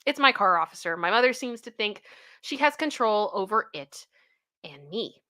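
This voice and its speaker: A woman's voice: mid-range voice, normal speed. A woman casually reading stories aloud and reacting to them with outbursts of disbelief. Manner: animated, reads quotes aloud with outbursts of disbelief and laughter. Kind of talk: casual commentary.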